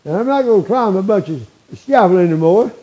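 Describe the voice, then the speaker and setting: An elderly preacher in his eighties delivers a homespun sermon, his voice sitting fairly high yet soft and mellow. He talks in a folksy, conversational way, peppering his points with "all right?" and small chuckles. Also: animated, brisk, rough recording. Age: 80s. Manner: folksy, frequent tag questions like "all right?".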